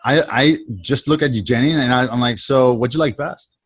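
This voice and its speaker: A man at a middle pitch runs a sales coaching session over a video call. He talks casually, repeats himself and slips into the lines he wants his trainee to say. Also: fairly quick, husky. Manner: repetitive, conversational, acts out quoted lines.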